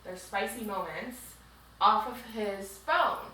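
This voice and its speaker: A woman's voice: medium pitch, takes it slowly, pushed and bright. Chatty woman in an echoey room. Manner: chatty, rambling storytelling full of "like". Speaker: podcast co-host. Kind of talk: casual chat recapping a book. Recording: very echoey room, distant mic, faint hiss.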